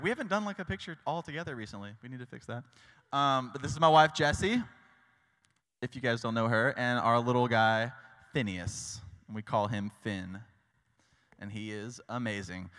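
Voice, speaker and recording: Bright-voiced preacher in a reverberant hall. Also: male voice, medium pitch. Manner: chatty, with lots of likes and y'alls. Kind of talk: casual sermon.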